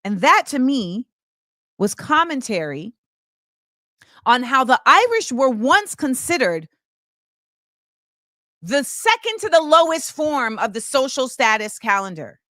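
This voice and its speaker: A woman's voice: sits high, very animated, slow pace, pauses often, pushed and bright, no room sound, clean studio sound. A woman hosting her own show, delivering an impassioned film commentary monologue and repeating key phrases for emphasis. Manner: opinionated and impassioned. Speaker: show host.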